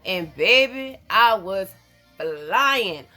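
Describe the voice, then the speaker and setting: A woman from North Carolina, telling a story to her vlog viewers in a casual, animated, profane way, calling them y'all. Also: medium pitch, extremely slow, faint music behind. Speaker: vlogger.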